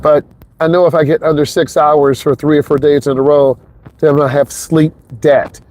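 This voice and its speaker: A man's voice: fairly high pitch, flat delivery, normal speed, darkish tone. A man who teaches driving, chatting casually and rambling to the viewer while he drives, recorded in his car on a clip-on mic. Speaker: driving instructor. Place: inside a car on an expressway. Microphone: wireless clip-on mic into a phone.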